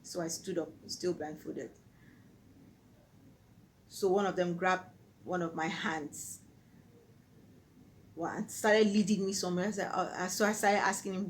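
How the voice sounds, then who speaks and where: A woman's voice: lowish voice, steady tone, unhurried, pauses often, slight background noise, poor audio. A Nigerian woman telling a personal story on her vlog in an earnest, vivid way. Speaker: vlogger.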